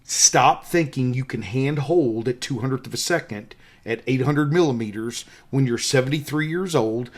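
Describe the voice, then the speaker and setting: A man's voice: medium pitch, fairly quick, few pauses. A man in his fifties with a Southern US accent, an instructor giving emphatic, casual photography advice and repeating his key points. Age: 50s. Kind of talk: casual teaching monologue.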